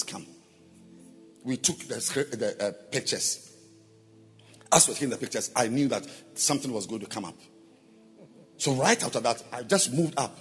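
A man preaching a sermon as a pastor, moving from quiet asides to shouted, sung-out exhortation. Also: mid-range voice, slightly rough. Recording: hall reverb with faint music.

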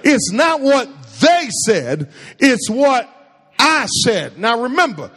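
A man's voice: very high voice, big pitch swings, takes it slowly, a bit bright, in a large hall. A man preaching a sermon to a congregation, firing questions at them and drawing call-and-response replies. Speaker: pastor.

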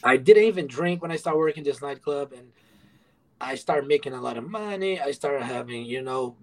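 A man's voice: medium pitch, normal speed, rough recording. A man who moved to the USA, telling his story as a podcast guest, frank and profane and acting out past dialogue. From moved to the USA from abroad. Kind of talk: candid interview storytelling.

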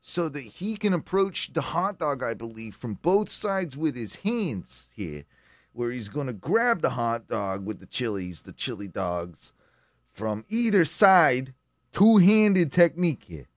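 A man's voice: medium pitch, big pitch swings, unhurried, dry recording. Rambling profane male podcast host. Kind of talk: casual chat reacting to a clip.

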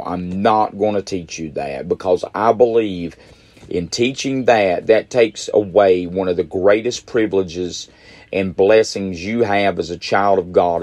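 Emphatic low-voiced preacher man. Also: darkish tone, dry recording. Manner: emphatic, repeats phrases for stress. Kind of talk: midweek sermon.

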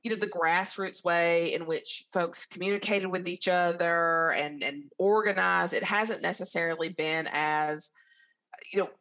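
A woman from the American South with a lowish voice and Southern accent speaks unhurriedly. As a guest in a casual interview, she's a chatty, animated storyteller.

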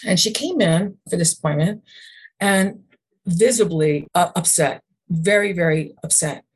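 Woman, podcast guest, husky voice, earnest faith-based storytelling, rhetorical questions, frequent restarts. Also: fairly low pitch, unhurried. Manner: faith-based, speaks of God and the Lord. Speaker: guest, emotion code practitioner. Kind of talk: conversational podcast interview.

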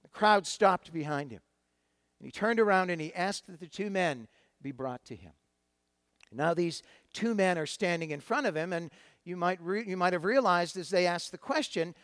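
A male pastor with a fairly high voice retells a scripture story conversationally, stopping often to restart a phrase. The sound is dry and close, with no room echo. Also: fairly bright tone. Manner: conversational, with frequent fillers and restarts. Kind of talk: sermon storytelling.

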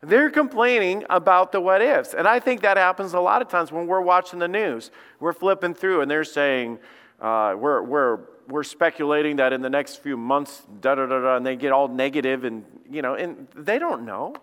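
His voice is fairly high, fairly bright, clear and resonant, and he speaks at a normal speed as a lead pastor preaching a sermon. The talk is conversational, with quotes acted out. The sanctuary setting adds a long hall reverb.

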